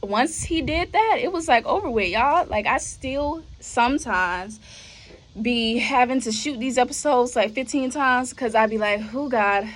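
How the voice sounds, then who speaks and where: A woman's voice: sits high, lively intonation, a little slow. A young woman hosting a podcast, telling her faith testimony in a casual, conversational way and often addressing listeners as y'all. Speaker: podcast host.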